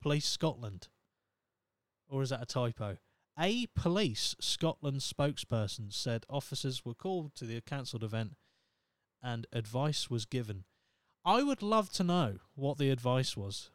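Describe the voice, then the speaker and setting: A man's voice: mid-range voice, expressive, unhurried, no room sound. A young man hosting a podcast, reading out news stories with sarcastic, sweary comic asides. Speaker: podcast host. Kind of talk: casual comedic commentary.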